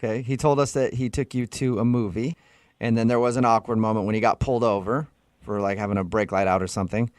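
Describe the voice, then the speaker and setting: A man's voice: lowish voice, fairly even intonation, fast talker, no room sound, clean studio sound. A man hosting a radio show, asking a caller probing, teasing questions. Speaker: radio host.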